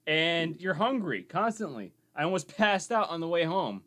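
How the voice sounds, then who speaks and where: A young man co-hosting a casual nerd chat podcast, excitable, cursing and jumping in loudly. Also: on the high side, moderate pace. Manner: excitable, swears, jumps in loudly. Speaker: podcast co-host.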